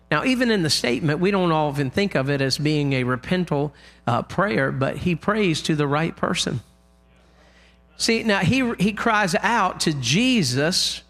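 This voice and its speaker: A man preaching a sermon in a church, impassioned, loudly crying out the lines he quotes. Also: fairly high pitch.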